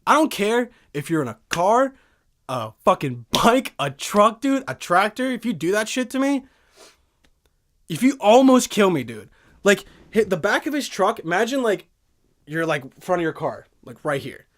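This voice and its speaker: Excitable high-voiced young man. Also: moderate pace. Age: 20s. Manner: excitable, profane, keeps saying dude. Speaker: podcast host. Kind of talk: casual podcast chat. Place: recording studio.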